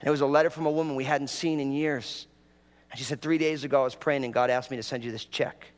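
A pastor from New York preaching a humorous sermon, telling stories with lively acted-out prayers. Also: male voice, mid-range voice, fast talker. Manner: animated storytelling, acts out prayers in a raised voice. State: a bit dehydrated after travel. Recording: hall reverb.

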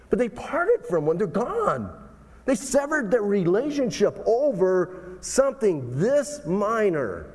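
A man preaching a sermon as pastor, animated, full of rhetorical questions and big swings in tone. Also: high voice, big-room sound.

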